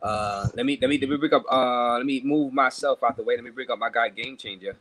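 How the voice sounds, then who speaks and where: A man's voice: medium pitch, fast talker, a bit bright. A man hosting a casual livestream, thanking viewers and stumbling over repeated words while he drinks. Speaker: livestream host.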